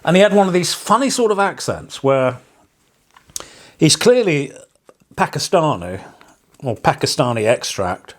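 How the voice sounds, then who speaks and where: Wry rambling English parson. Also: male voice, a little high, sing-song, a little slow, pauses often. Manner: wry, digressive, chuckling asides. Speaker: parson and vlogger. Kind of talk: casual rambling vlog monologue.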